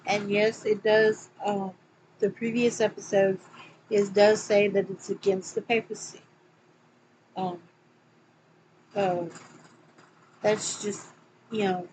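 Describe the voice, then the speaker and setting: Southern lady reading scripture at home, real slow, lots of ums, faint hiss behind. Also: mid-range voice. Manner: hesitant, many fillers, slows and gets louder when quoting scripture. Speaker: podcast host reading a religious book. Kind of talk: casual read-aloud with asides.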